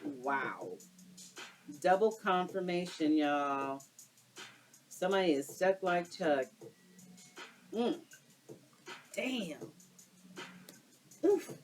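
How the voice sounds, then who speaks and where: A woman's voice: lowish voice, very animated, extremely slow, pauses often, soft background music, rough recording. A woman doing a casual tarot card reading for her viewers, exclaiming and using slang as she turns the cards. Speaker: tarot reader.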